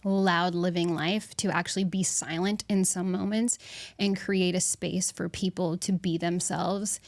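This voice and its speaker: A young woman hosts a solo podcast in a low-pitched voice, speaking candidly and bluntly with casual swearing. She reflects out loud, pausing and restarting her thoughts. The sound is close and dry. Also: fairly even intonation, dry recording. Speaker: podcast host.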